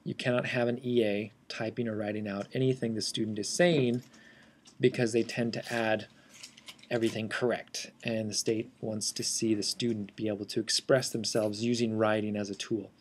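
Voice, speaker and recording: A man teaching assistive technology in a screencast walkthrough, explaining in a steady, teacherly way. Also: fairly low pitch, normal speed, breathy edge.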